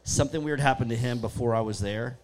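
A guest storyteller shares ghost stories in a casual chat, speaking fast in a mid-range voice. He's animated, acting out the things people said.

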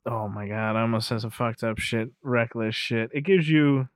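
A man's voice: mid-range voice, moderate pace, background noise. A man co-hosting a podcast, recapping an anime film in casual chat. He rambles, swears freely, laughs often, and skims past details with "whatever.". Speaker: podcast co-host.

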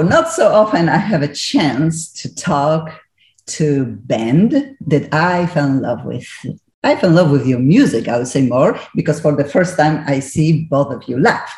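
A woman's voice: low voice, a little mellow. A woman with a Polish accent hosts a radio interview with eager enthusiasm. Her English is a little broken. The sound has a roomy echo. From Poland. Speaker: radio host.

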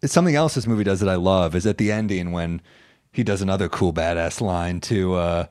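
A man co-hosting a casual chat, relaxed and easygoing, keen when he shares trivia. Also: low voice, brisk, no echo, clean studio sound. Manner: relaxed and easygoing, enthusiastic when reading out fun facts. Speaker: podcast co-host.

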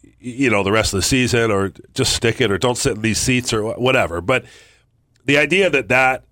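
A man hosting a sports radio show in casual chat, halting with fillers and restarts. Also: medium pitch, fairly bright tone, no room sound, studio quality. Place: radio studio. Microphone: studio mic.

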